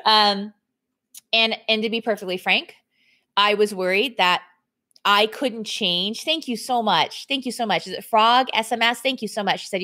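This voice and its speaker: A woman's voice: mid-range voice, normal speed, bright, forceful tone. A woman fitness coach speaking casually on a live stream from home, talking candidly to viewers, reading their comments aloud and thanking them, laughing often with her voice swinging up and down. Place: indoors at home.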